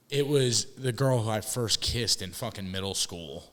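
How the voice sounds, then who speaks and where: A man's voice: fairly low pitch, expressive, normal speed, hardly any pauses, long reverb tail. A young man telling a rambling story with lots of swearing and restarts on a casual podcast. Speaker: podcast co-host.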